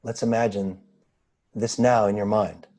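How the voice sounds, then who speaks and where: A man guiding a slow, pausing meditation over a video call, asking gentle questions. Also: lowish voice, flat delivery. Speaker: spiritual teacher. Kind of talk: guided meditation.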